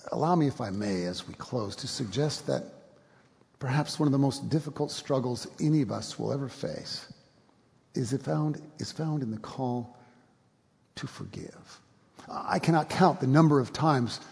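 A man, a pastor, preaching a sermon and telling a story, going soft and hushed at solemn moments and rising to urgent questions. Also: medium pitch, creaky, in a large hall. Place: church sanctuary.

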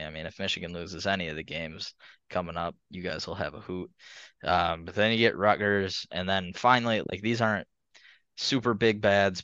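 A man's voice: sits low, sharp tone, clean tone, dry recording. A man co-hosting a podcast, rambling through a casual sports chat and laughing between points. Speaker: podcast co-host. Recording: slightly muffled lo-fi audio.

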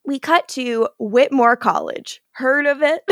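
A woman's voice: sits high, slow pace, fairly bright tone, dry recording, studio quality. A young adult woman hosting a podcast, recapping a TV episode in a chatty, giggly way and acting out quotes. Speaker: podcast host.

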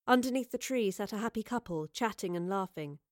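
A woman reading an audiobook as narrator, in a measured, even storytelling manner. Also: mid-range voice, no room sound, studio quality. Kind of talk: scripted narration.

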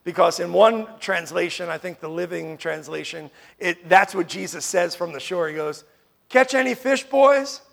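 A man from New York preaching a sermon as pastor, emphatic, swinging from loud declarations to hushed tones and asking the room "Amen?" often. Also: a little high, fairly even intonation, moderate pace, creaky, few pauses.

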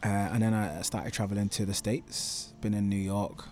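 A man's voice: lowish voice, normal speed. A young man with a Manchester accent, a guest chatting casually in an interview with many fillers. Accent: Manchester English. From England. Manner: relaxed, lots of fillers and laughs. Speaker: guest entrepreneur.

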